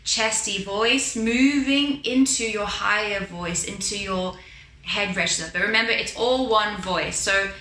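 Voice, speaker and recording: Speaking in an unhurried, sharp mid-range voice, a woman teaches singing technique with patience, regularly checking that the listener is following and singing brief examples. The low-quality recording comes from an echoey room with a little hiss or hum.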